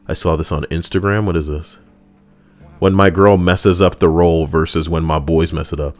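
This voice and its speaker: Speaking into a desk mic up close, this man hosts a livestream where he reads out posts and mocks them crudely and sarcastically. His voice is deep, with fairly even intonation and a normal speed.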